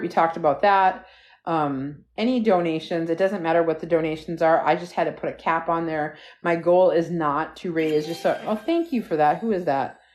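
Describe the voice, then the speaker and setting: A woman with a low voice hosts a relaxed live stream into her phone. She rambles from topic to topic and keeps breaking off to thank viewers. Her talk is loose and chatty. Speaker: livestream host. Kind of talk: casual live stream chat. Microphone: phone livestream.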